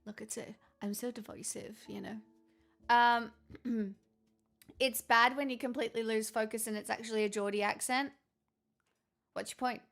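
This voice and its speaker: A woman streams live in a put-on Irish accent that she admits is bad. She rambles, jokes and swears as she chats, in a fairly high voice. Soft music plays faintly underneath her. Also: steady tone, normal speed, vocal fry, pauses often. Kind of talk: casual live stream chat.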